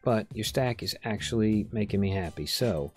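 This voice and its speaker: Guy doing goofy game commentary, voice bounces up and down, chats to himself, reads customer lines out loud. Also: lowish voice, lively intonation, normal speed, faint music behind. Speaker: gameplay video host. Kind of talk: casual gameplay commentary. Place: home room during a rainstorm.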